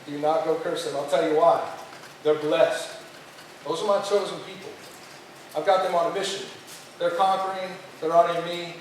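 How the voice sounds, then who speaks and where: Man doing God, lower and softer than his own voice, firm, echoey hall. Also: steady tone, normal speed, pauses often, a little hiss or hum, natural voice. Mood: stern. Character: God as a calm, firm, deep-voiced speaker. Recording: echoey hall, far from mic.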